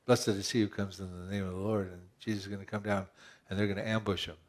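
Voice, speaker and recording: A man's voice: fairly low pitch, flat delivery, fast talker. A man pastor preaching a conversational sermon, asking rhetorical questions and often restarting his phrases.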